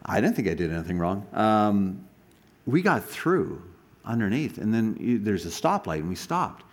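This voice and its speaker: Animated male preacher with a lively pitch. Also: moderate pace. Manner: animated storytelling, frequent restarts and asides. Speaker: pastor. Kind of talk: sermon.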